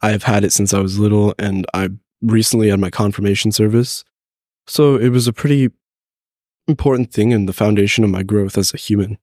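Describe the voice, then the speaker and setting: A man's voice: lowish voice, steady tone, brisk, darkish tone, no echo, clean studio sound. A teenage boy, congested with a cold, answering faith questions thoughtfully and a bit hesitantly as a podcast guest. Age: teens. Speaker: guest, host's son. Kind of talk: casual faith podcast conversation.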